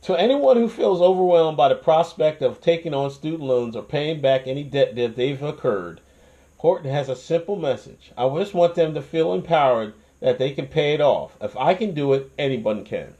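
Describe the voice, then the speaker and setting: The young host's somewhat high voice moves at normal speed in a lo-fi recording as he rants casually on his channel. Expect plenty of swearing, restarts, and laughter.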